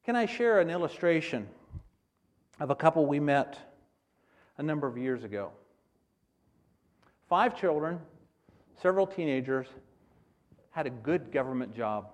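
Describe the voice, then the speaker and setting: A middle-aged man preaching a missionary sermon, his fairly high voice swinging widely in pitch. He acts out prayers and climbs into loud, emphatic exclaims. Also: very animated, unhurried, long pauses. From United States.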